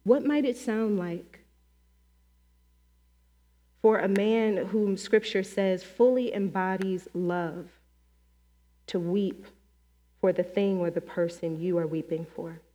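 A woman leads a guided meditation and prayer, speaking slowly and gently, with long pauses between phrases. Her mid-pitched voice carries a long reverb from a large worship hall. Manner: gentle, slow, inviting with many pauses. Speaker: preacher leading a guided meditation.

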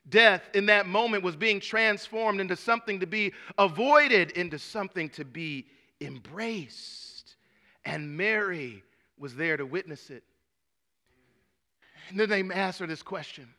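Bright, high-voiced male preacher. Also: a little slow. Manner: conversational, humorous, repeats words and restarts, addresses listeners by name. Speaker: pastor. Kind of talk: sermon.

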